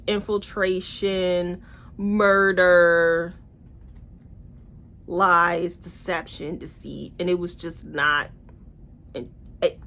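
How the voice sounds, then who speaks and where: A young woman casually reviewing books in a vlog, blunt and animated, with swearing and playful asides. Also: fairly low pitch. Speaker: book reviewer.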